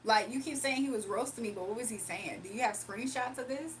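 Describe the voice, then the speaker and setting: A woman's voice: a little high, brisk, a little hiss or hum. A young woman livestreamer chatting casually and reading her chat aloud, sarcastic and playful, laughing often.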